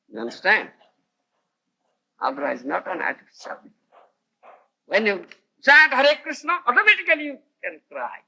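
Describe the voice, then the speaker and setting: A man's voice: high-pitched, sharp tone, slightly rough, poor audio. A man with an Odia accent giving a devotional lecture, often laughing and asking his listeners whether they understand, on an old tape recording. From India. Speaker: spiritual teacher.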